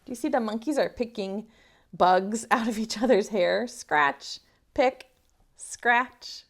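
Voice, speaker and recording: A young woman teaching preschool, reading a picture book aloud to little ones. Her storytelling is animated and expressive. Her pitch swoops and lilts, and she takes her time. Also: takes it slowly.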